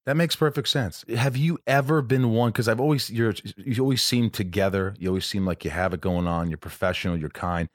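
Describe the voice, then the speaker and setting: A man with a somewhat low voice, recorded close and dry with no room echo. He chats casually and tells a story, acting out the people he quotes. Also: fairly quick, few pauses. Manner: chatty, acts out quoted voices. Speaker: actor, podcast co-host. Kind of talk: casual conversation.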